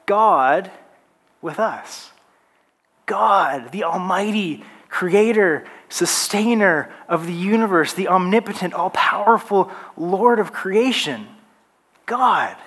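A man's voice: a little high, fairly bright tone. A man preaching a sermon in church, earnest and building to emphatic repetition. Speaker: pastor.

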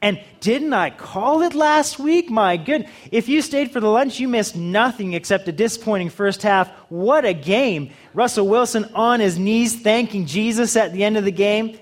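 A man's voice: sits high, animated, moderate pace, few pauses. A man preaching a sermon in a humorous, conversational way, acting out little dialogues with the audience. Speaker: pastor.

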